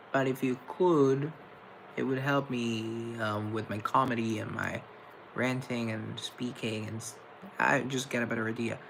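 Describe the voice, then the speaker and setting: A man's voice: medium pitch, gravelly, fairly bright tone, slight background noise, rough recording. A young man hosting a live stream, casually chatting with viewers and answering their comments in a playful, campy way. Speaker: livestream host.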